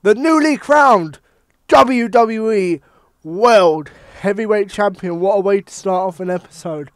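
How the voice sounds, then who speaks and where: Young man, from Ireland, casual game commentary, excitable, swearing, very high-pitched. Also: slow, dry recording. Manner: excitable, swearing, mock ring-announcer bursts. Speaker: gaming commentator.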